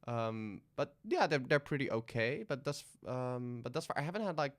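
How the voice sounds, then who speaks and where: A man's voice: medium pitch, animated, normal speed. A man from the Netherlands, hosting a casual interview podcast and asking curious, teasing questions. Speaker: podcast host.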